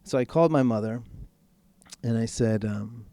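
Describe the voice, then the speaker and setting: A man speaking as a podcast guest, telling a personal story in a frank, casual way and swearing freely, slowing right down when he wants to stress a point. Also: mid-range voice, mellow, no room sound. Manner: slows right down for emphasis. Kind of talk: candid personal storytelling in conversation.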